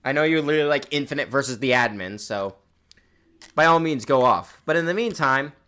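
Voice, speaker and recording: Lively young man streaming a game. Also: medium pitch, a little fast, clear, resonant tone. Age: young adult. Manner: rambling, chatty, repeats and restarts words. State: sore throat. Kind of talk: casual live-stream chat.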